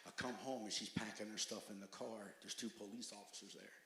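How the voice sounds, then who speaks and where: A man tells his personal testimony to a church group with a bright, forceful voice. His telling is emphatic, rising to loud bursts and dropping to hushed passages. The sound carries a roomy echo from a church meeting hall. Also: fairly even intonation, a little fast. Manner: emphatic storytelling, swings between loud outbursts and hushed low stretches. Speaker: testimony speaker at a recovery meeting.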